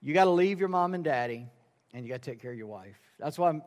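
A man's voice: a little high, lively intonation, quick pace. A man preaching a sermon as pastor, telling folksy stories and acting out the people in them. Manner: folksy storytelling, acts out dialogue in quoted voices. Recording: reverberant sanctuary sound.

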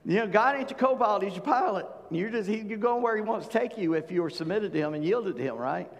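A man's voice: sits high, expressive, quick pace, in a large hall. A man preaching a sermon in a folksy, conversational way, with plain-spoken asides to his congregation. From Charleston, South Carolina. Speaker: pastor.

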